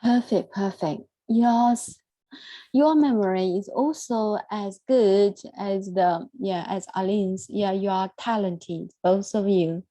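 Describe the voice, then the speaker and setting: Speaking in a mid-range voice, a woman guides learners through English recitation practice on a video call, praising them warmly and coaching them along. She tends to repeat words and leaves some pauses. There's no room sound, and the recording is rough.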